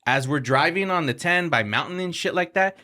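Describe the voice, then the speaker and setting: Bright-voiced man telling wild stories. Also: a little high, animated, brisk. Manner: profane, laughing, acts out voices in his stories. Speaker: podcast guest. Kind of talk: casual storytelling chat.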